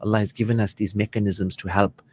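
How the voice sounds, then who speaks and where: A man's voice: lowish voice, little pitch movement, fast. Guy doing marriage advice on the radio, earnest, chatty, talks like he's in the studio with you. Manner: earnest and conversational, acts out quoted spouses. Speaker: marriage counselor on a radio programme.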